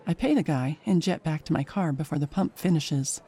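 A woman narrating a scary story in the first person in a lively, chatty way. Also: low voice, fairly quick, breathy edge.

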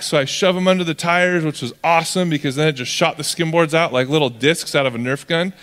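A man's voice: a little high, a little fast, fairly bright tone, clean tone. Casual joking male pastor preaching. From California. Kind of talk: sermon.

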